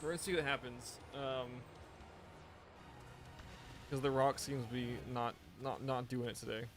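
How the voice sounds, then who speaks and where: A man's voice: mid-range voice, steady tone, a little slow, over music. A tired man streaming a game live, chatting loosely with viewers and often restarting his sentences. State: tired, yawning. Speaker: gaming streamer. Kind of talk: casual live-stream chat.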